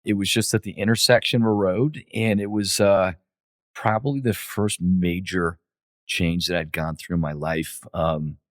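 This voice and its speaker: Low-voiced man telling his story. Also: fairly even intonation, normal speed, no room sound, studio quality. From United States. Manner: many fillers and restarts, reflective. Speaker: guest, company CEO. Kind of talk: relaxed interview storytelling.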